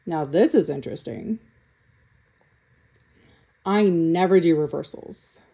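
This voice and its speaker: A woman's voice: on the low side, takes it slowly, gravelly, dark tone. Blunt, teasing woman reading tarot. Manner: blunt, teasing, keeps checking in with "okay?". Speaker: tarot reader. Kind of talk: casual tarot reading to camera.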